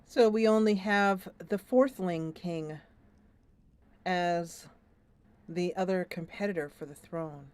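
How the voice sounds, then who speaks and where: A woman's voice: lowish voice, slow pace, pauses often, a little mellow. A woman streamer narrating a story-driven fantasy video game aloud, thoughtful and musing.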